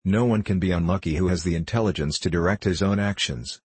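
A man's voice: deep voice, quick pace, darkish tone, slightly rough, no room sound. A man voicing a cheerful female patchwork rag doll who is merry, boastful and chants sing-song rhymes.

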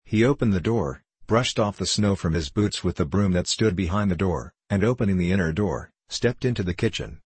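A man's voice: low-pitched, expressive, fairly quick, hardly any pauses, a little mellow, slightly rough, no echo. A man reading a novel aloud as an audiobook narrator, voicing the characters with little change.

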